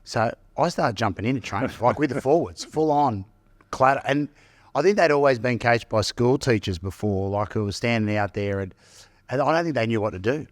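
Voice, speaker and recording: Reflective middle-aged coach, dry close sound. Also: male voice, medium pitch, expressive, fairly quick, no room sound. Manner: earnest and reflective, restarts his sentences, drops in "mate". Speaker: guest, rugby coach. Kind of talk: casual interview chat.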